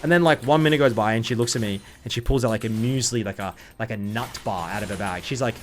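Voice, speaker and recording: Jet-lagged streamer rambling. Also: male voice, mid-range voice, expressive, fast, hardly any pauses, a little hiss or hum. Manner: rambling, joking, sarcastic asides. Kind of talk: casual gameplay commentary.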